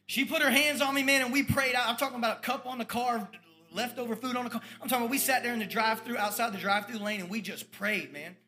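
A man preaching his own testimony as a sermon, swinging between loud bursts and hushed, low confessions as he tells his story. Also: quick pace. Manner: storytelling with acted-out quoted voices.

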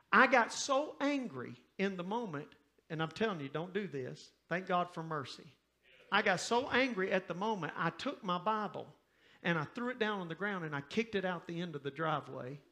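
A man's voice: fairly high pitch, sharp tone. A middle-aged man, a pastor preaching a folksy, emphatic sermon story with joking asides to the congregation.

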